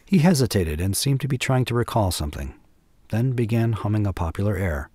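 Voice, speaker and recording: A man narrating a classic short story in a measured, even way. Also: on the low side, slightly rough, no room sound.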